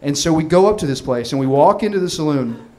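Excitable man telling a rambling story. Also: fairly high pitch, fast. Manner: rambling, excitable, laughing through lines, many restarts. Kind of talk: live comic storytelling.

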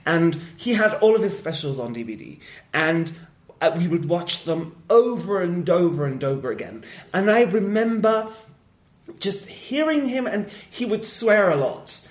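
A man who does stand-up, chatting casually on a podcast and telling stories with lively energy and frequent laughs. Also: high-pitched, a little slow, echoey room. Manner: animated storyteller, laughs often. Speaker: stand-up comedian.

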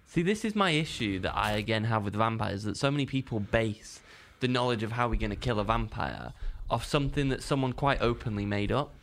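Dry gravelly co-host. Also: male voice, fairly low pitch, lively intonation, fairly quick, few pauses, fairly bright tone. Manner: dry, skeptical, corrects his co-host. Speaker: podcast co-host. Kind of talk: casual podcast chat.

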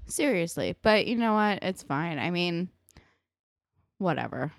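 Lively young woman recapping a show. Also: fairly low pitch, measured pace, no room sound, clean studio sound. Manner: animated, acts out characters' lines in quotes. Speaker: podcast co-host. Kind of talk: casual recap chat.

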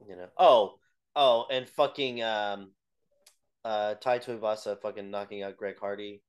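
A man co-hosting a podcast, chatting casually with a relaxed, hesitant manner and plenty of short agreements. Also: on the low side, measured pace, smooth. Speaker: podcast co-host. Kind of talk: casual chat.

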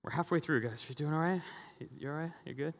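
A man preaching a lively, conversational sermon as a pastor, often acting out the voices of the people he describes. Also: a little high, fast. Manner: animated, acting out quoted voices. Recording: long hall reverb.

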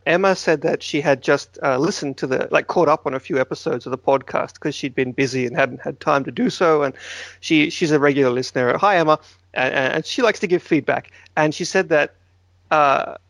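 A man's voice: fairly high pitch, a bit bright, dry recording. A man co-hosting a gaming podcast in casual chat, playful and giggly, often stumbling over his words. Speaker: podcast co-host.

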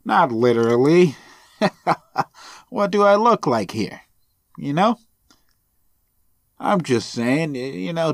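A man's voice: a little high, no echo, clean studio sound. Sarcastic, profane man ranting. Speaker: podcast host. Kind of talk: sarcastic solo podcast rant.

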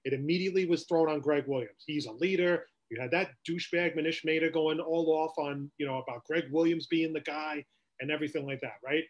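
A man's voice: on the high side, steady tone, a little fast, muffled recording. A man co-hosting a sports podcast, ranting with rhetorical questions in casual talk.

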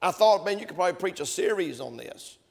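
A high-pitched man preaches from the pulpit of a church. He is emphatic and climbs to fervent peaks. His voice rings out with a long reverb from the sanctuary. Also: animated, fast talker, gravelly. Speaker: pastor. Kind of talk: sermon.

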